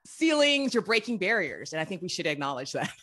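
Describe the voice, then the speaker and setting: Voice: mid-range voice, very animated, brisk, bright, forceful tone. A podcast host interviewing a guest in a playful, casual way, laughing often.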